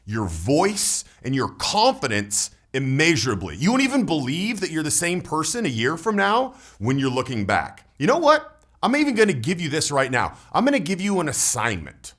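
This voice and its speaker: Animated man giving a punchy pitch. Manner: emphatic, salesy, shifts between loud punches and low drops. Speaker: voice coach. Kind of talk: persuasive direct-to-camera pitch.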